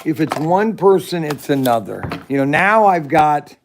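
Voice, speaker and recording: A man's voice: a little high, lively intonation, a little slow, a little hiss or hum. A middle-aged man hosting a casual livestream from a shed, rambling as he answers viewers' comments. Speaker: livestream host.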